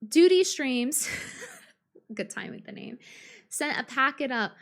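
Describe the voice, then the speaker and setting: A woman streamer speaks in a fairly high voice, ranting on a live stream. She is combative and profane, piles on fillers and restarts, and keeps circling back to her point. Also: animated, takes it slowly, long pauses. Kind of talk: live-stream reaction rant.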